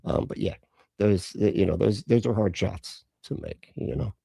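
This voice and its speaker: A man's voice: lowish voice, unhurried, creaky, mellow, breathy edge, no room sound. A man hosting a live stream, reacting in casual, profane, rambling chat from close to the mic.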